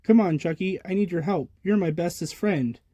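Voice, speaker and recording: A man's voice: high voice, normal speed, warm tone, no room sound, clean studio sound, pitched above the performer's own voice. A man doing a determined little toddler boy. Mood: pleading. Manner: earnest, insistent. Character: brave determined baby boy leader.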